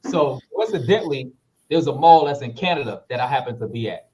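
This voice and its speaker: A man, a guest actor telling stories in a casual interview, relaxed and full of fillers. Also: medium pitch, fast, slight background noise, low-quality recording. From Harlem, New York. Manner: laid-back, full of fillers, lively when retelling.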